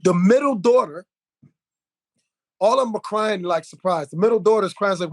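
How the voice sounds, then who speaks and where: Animated, indignant higher-voiced man. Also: moderate pace. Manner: animated storyteller, indignant, many fillers and restarts. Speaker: podcast conversation partner. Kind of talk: casual podcast conversation.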